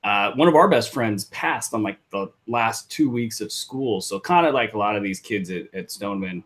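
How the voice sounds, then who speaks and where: A man's voice: lowish voice, animated, moderate pace, fairly bright tone. A man co-hosting a live podcast in casual chat, joking, rambling and poking fun at himself. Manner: joking, rambling, self-deprecating. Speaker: podcast co-host.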